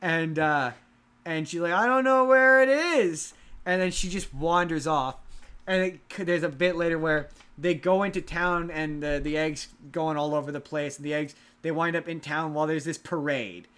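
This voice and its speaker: Bright, animated male podcast host. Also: on the high side, normal speed, smooth. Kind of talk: casual podcast chat.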